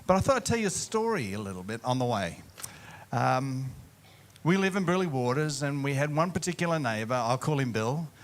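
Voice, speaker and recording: Lively pastor telling a story. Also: male voice, mid-range voice, fairly quick. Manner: animated, humorous storyteller. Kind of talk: sermon storytelling.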